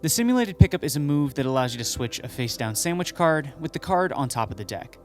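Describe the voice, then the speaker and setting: A man explaining a card move step by step, calmly, as the host of a magic tutorial. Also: a little high, fast, soft background music. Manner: joking storyteller, acts out dialogue; calm step-by-step instruction. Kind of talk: stand-up comedy bit, then tutorial instruction.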